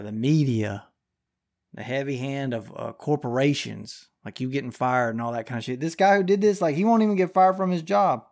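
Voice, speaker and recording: A young man hosting a podcast, ranting through the news with heavy swearing and slangy, drawling speech. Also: mid-range voice. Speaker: podcast host. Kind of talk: profane news commentary.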